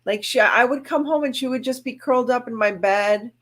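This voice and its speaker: A woman's voice: a little high, brisk, a bit bright. A woman co-hosting a casual chat, friendly and chatty. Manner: friendly, chatty, gushes over cats.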